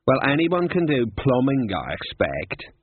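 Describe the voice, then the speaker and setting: A nervous, pedantic male raven who cannot stop lecturing about trivia, voiced by a man reading a storybook aloud. The voice carries a husky grain. The sound is dry and boxy, squeezed into a narrow, phone-like band. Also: mid-range voice, huge pitch swings, measured pace, dry recording, exaggerated voice.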